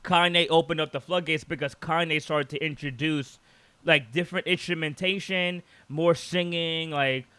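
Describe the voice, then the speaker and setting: A man chats on a podcast in a bright, forceful voice that sits a little high for a man. He is animated and rambling, with a steady stream of "like"s and restarts. The sound is very dry and close to the mic. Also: normal speed, smooth, no echo. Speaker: podcast co-host. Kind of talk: casual podcast chat.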